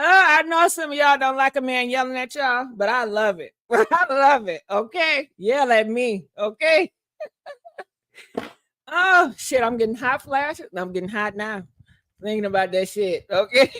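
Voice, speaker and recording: Sassy high-voiced woman. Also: animated, measured pace, long pauses, pushed and bright, no echo, studio quality. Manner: sassy, laughs often, drawls words out. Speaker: host. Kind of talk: casual live-stream chat.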